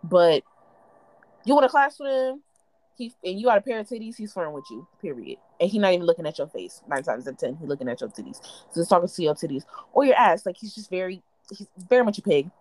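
A woman's voice: fast, dry recording. A young woman co-hosting a podcast, telling gossip stories in casual chat and mimicking the people in them. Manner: animated gossiping, mimics others in high and low voices. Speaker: podcast co-host.

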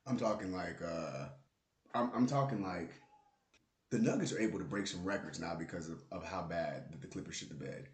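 Hosting his own podcast solo, a man goes on a casual, profane, joking rant about basketball in a fairly low, darkish voice. A close podcast mic picks up plosive pops, and the room sounds roomy and echoey.

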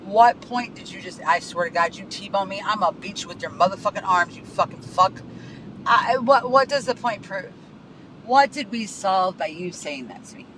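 A man with a high, sharp voice rants in a profane, heated monologue, circling back over the same words. He records from his car, and faint traffic noise hums underneath. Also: moderate pace, low-quality recording. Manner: profane, heated, repeats himself. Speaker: podcast host. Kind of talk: venting monologue.

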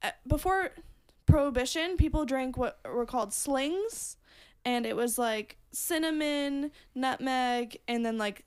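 A woman's voice: high voice, unhurried, darkish tone, smooth. A woman co-hosting a podcast, telling a rambling story in casual chat with lots of fillers. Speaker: podcast co-host.

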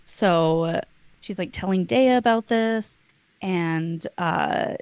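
A young woman on a podcast rambles through a plot summary in a low, gravelly voice, peppering everything with "like" and casual swearing. The sound is dry and close, with no room around it. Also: takes it slowly, a little mellow, no room sound. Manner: rambling and chatty, full of "like" and swearing. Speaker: podcast co-host. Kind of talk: casual book-club chat, retelling a novel's plot.

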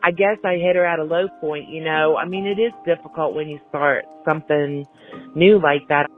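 A woman's voice: sits low, moderate pace, phone-quality sound, soft background music. A woman in an interview, speaking in a reflective, grateful way.

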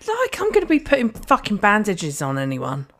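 A woman's voice: medium pitch, huge pitch swings, normal speed, a bit bright. A woman co-hosting a podcast, ranting in a casual, sweary way and slipping into mock quotes of other people. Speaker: podcast co-host. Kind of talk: casual chat.

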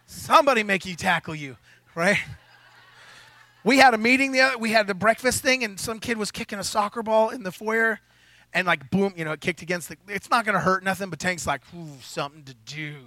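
A man's voice: high-pitched, fairly quick, pushed and bright, dry recording. A pastor preaching a sermon to his congregation, joking and talking casually, often asking the crowd "right?". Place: church hall with a congregation.

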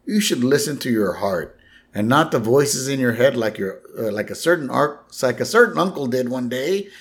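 A man's voice: medium pitch, lively intonation, normal speed, natural voice. A man voicing a chatty, unflappable suburban mom, delivering her lines matter-of-factly. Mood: breezy.

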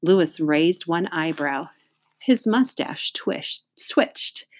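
Woman calmly reading a children's book. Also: on the low side, slow, no echo, clean studio sound. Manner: steady, clear storytelling with asides. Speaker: reader.

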